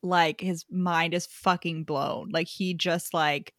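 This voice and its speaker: A woman's voice: on the low side, steady tone, takes it slowly, a bit bright, no echo, studio quality. A young woman in casual podcast chat, frank and talkative, full of "like" fillers. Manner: chatty, frequent "like" fillers, frank and profane.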